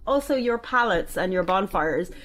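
A woman's voice: mid-range voice, lively intonation, normal speed, fairly bright tone. Blunt, sweary young woman. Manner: blunt, sweary, sarcastic asides. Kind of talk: casual chat.

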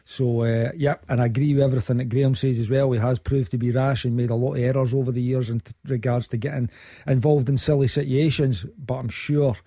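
A man's voice: mid-range voice, fairly even intonation, fairly quick, dark tone, dry recording, clean studio sound. A man, a former player, giving football opinions in a hesitant way, often restarting his sentences. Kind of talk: studio sports discussion.

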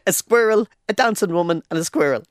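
A man's voice: sits high, expressive, fairly quick, no echo, clean studio sound. A man co-hosting a podcast, joking and stumbling over his words as he tells stories. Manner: jokey, stumbling, laughs often. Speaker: podcast co-host. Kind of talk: casual chat.

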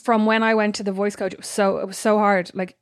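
A woman's voice: medium pitch, little pitch movement, dry recording, studio quality. A young woman co-hosting a podcast, chatting casually and teasing her sister. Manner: quick, teasing, laughs often. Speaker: podcast co-host. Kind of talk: casual chat.

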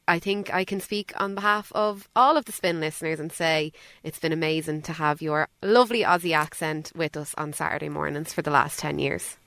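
Low, smooth-voiced woman radio producer. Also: fairly bright tone, no room sound. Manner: sincere and fond. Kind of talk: radio co-host chat.

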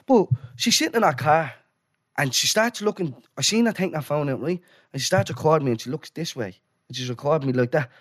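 A young Irish man hosting a podcast, telling stories in an animated casual way and swearing often. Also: on the high side, brisk, no echo, clean studio sound. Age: young adult. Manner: animated, swearing, quotes people in lively voices. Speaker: podcast host. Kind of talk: casual storytelling.

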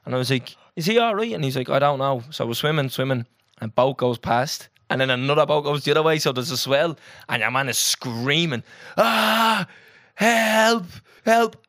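A young Irish man co-hosting a podcast, telling a story in an animated, sweary, casual way. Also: mid-range voice, brisk, dry recording, clean studio sound. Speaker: podcast co-host. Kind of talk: casual chat.

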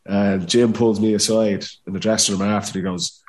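Irish man telling a lively story. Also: on the low side, normal speed. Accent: Dublin Irish. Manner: animated anecdote with laughter and acted quotes. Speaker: podcast guest, former footballer. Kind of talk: casual storytelling.

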